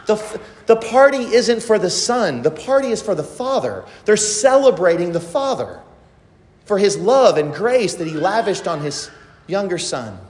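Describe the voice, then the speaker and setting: A man's voice: sits high, long reverb tail. A man preaching a sermon who presses the listeners with pointed rhetorical questions. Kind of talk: expository sermon.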